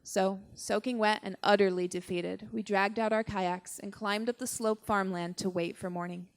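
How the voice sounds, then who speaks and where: A young woman performing a personal story on stage at a live show, with a wry, deadpan delivery and dramatic pauses. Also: medium pitch.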